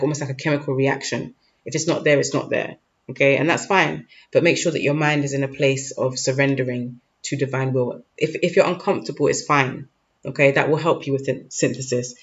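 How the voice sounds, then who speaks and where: A man giving a casual tarot reading to camera, informal and slangy, often checking in with "okay?". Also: mid-range voice. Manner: informal, peppered with "okay?" and "like", loose slangy phrasing. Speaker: tarot reader. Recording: dull lo-fi recording with faint noise.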